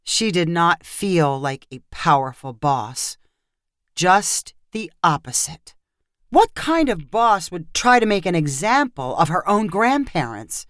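A woman narrating a short story in a scripted way, expressive and acting out the characters. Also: fairly low pitch, slow pace, no echo, studio quality.

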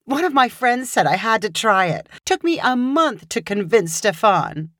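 A cheerful, confident woman customer with a bright and playful way of talking, as a woman narrator gives her voice. She sits a little higher than the reader's usual pitch and bounces up and down through each phrase. The recording is close and dry, with no room sound. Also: sing-song, normal speed, dry recording.

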